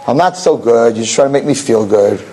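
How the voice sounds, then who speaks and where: A man's voice: medium pitch, animated, a little fast, mellow, slightly rough, pitched below the performer's own voice, low-quality recording. A man voicing a modest, bedridden older man brushing off praise.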